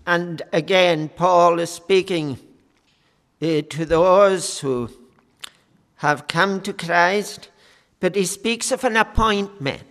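A man preaching a sermon in a slow, measured way, with frequent fillers. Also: high-pitched, fairly bright tone, big-room sound.

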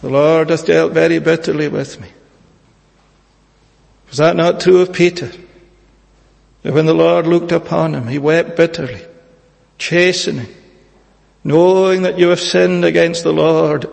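A man preaching a sermon in a church, earnest and measured, pleading with his hearers and pausing often on "eh". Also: on the high side, steady tone, vocal fry, a little mellow, in a large hall.

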